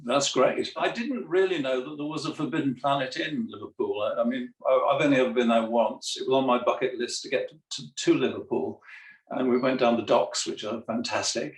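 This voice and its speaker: A man's voice: mid-range voice, brisk. An older man speaking mildly and hesitantly as an interview guest over a video call, often repeating words. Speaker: comics artist guest. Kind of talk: casual interview chat. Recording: roomy, distant video call audio.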